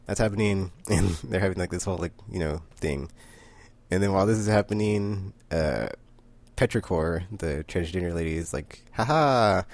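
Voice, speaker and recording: A man's voice: low voice, moderate pace, darkish tone, no echo. A man casually recapping a comic book issue, rambling with many fillers and frequent laughter.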